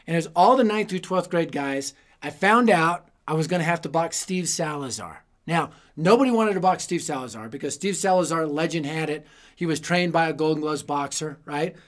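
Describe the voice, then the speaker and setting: A man preaching a youth ministry sermon as a humorous story, animated and self-deprecating with punchy comic timing. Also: on the high side, moderate pace.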